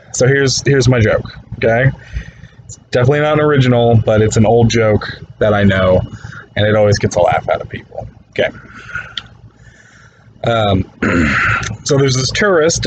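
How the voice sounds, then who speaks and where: A man speaks slowly and deadpan into a phone from his bed, keeping his tone low-key throughout. His pitch sits mid-range. A faint hiss of noise runs under the recording. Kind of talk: deadpan joke-telling video message. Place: bedroom.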